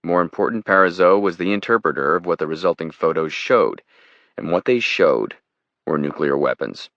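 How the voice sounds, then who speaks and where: Male audiobook narrator, very low voice, steady and measured; dry, dull recording. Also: no echo. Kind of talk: scripted thriller narration.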